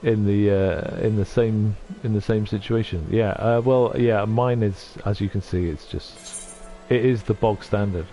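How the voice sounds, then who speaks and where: A middle-aged man chatting on a livestream, soft-spoken and halting, often moved. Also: on the low side, steady tone, faint music behind. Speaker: streamer. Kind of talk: casual livestream chat.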